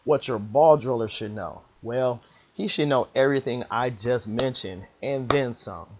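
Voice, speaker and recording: A man's voice: medium pitch, measured pace. Slangy man giving bowling advice. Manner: slangy, emphatic, laid-back. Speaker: bowling vlogger. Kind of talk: casual advice talk. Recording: dull lo-fi recording.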